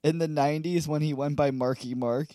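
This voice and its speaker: A man's voice: a little high, fairly even intonation, a little fast, dark tone, dry recording, studio quality. A young man co-hosting a comedy podcast, crude and rambling, laughing through casual banter. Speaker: podcast co-host.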